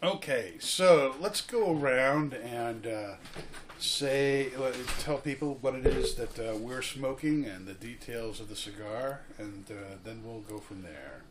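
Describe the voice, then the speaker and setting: A man hosting a casual group chat, relaxed and steering the talk around the table. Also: mid-range voice, unhurried, slight background noise. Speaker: host.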